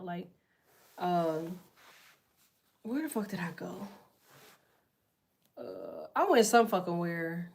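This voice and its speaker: A woman's voice: fairly low pitch, expressive, a little slow, creaky, pauses often, darkish tone. A woman chats loosely with her livestream viewers from under a blanket in bed. Her talk is blunt, profane and full of slang, and she drifts from topic to topic. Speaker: tarot livestream host. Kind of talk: casual livestream chat with viewers. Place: in bed at home.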